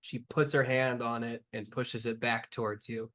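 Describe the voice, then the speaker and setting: A man's voice: medium pitch, level tone, normal speed, fairly bright tone. A man running a tabletop game as game master, narrating loosely with lots of fillers.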